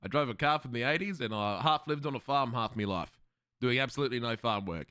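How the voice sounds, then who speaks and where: An Australian man chatting casually with his viewers on a live stream, loud and excitable, swearing freely. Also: medium pitch, fast talker, clear, resonant tone, dry recording, clean studio sound.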